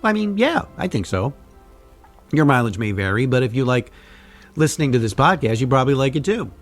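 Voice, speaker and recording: A man's voice: big pitch swings, fairly quick, faint music behind. A man hosting a podcast, reading a scripted, wry narration in a conversational way. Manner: wry, conversational, puts on a deep trailer voice at times. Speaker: podcast host.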